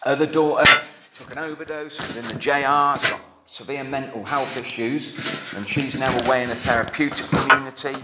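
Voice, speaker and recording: A man's voice: medium pitch, steady tone, brisk. Man preaching in an echoey hall. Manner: earnest and conversational, with wry asides. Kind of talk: sermon. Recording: echoey hall with faint noise.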